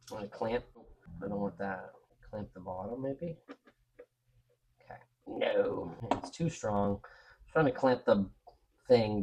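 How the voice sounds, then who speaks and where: A man's voice: lowish voice, dark tone, a little hiss or hum. A man hosting a crafting video, talking viewers through each step in a chatty, frank way. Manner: chatty, frank, talks to viewers while working. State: out of breath. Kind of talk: casual step-by-step craft demo.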